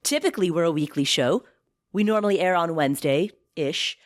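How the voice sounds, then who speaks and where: A woman hosting a podcast in casual, upbeat chat, emphatic and quick to laugh. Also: fairly low pitch. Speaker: podcast host.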